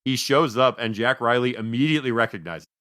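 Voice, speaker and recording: A man's voice: mid-range voice, fairly quick, a bit bright, dry recording, studio quality. A man co-hosting a casual podcast, rambling with lots of fillers and easy laughs. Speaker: podcast co-host.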